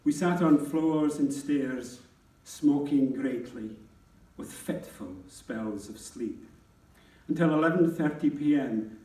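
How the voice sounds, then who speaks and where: A man reading a wartime memoir aloud at a book launch in a slow, measured and grave way. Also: medium pitch, dark tone. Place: town hall. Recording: roomy hall, distant mic.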